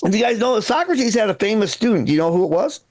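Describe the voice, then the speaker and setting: A man's voice: high-pitched, big pitch swings, fast. A male stand-up comedian from Michigan doing a live set, casual and profane, talking straight to the crowd.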